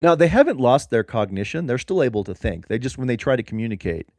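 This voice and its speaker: A man co-hosting a comedy podcast, rambling through an absurd improvised story in a deadpan way. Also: medium pitch, fast, dry recording, studio quality. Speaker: podcast co-host.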